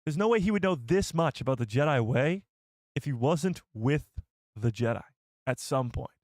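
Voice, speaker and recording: A man's voice: mid-range voice, lively intonation, moderate pace, a little mellow, no room sound, studio quality. A young man hosting a casual livestream, reading viewer comments aloud and laughing at himself. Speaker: livestream host. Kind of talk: casual live chat.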